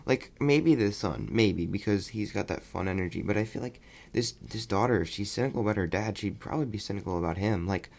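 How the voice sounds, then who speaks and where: A young man casually reviewing a movie on his podcast, rambling and animated. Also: fairly low pitch. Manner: rambling, animated, mocking voices when quoting. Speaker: podcast host.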